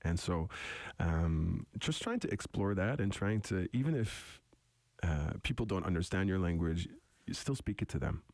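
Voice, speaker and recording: A young adult man from eastern Canada with a deep radio voice, talking reflectively as a musician guest in an interview, halting and restarting often. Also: animated, a little mellow, no room sound. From Wolastoqey territory, eastern Canada. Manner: thoughtful, halting, many restarts.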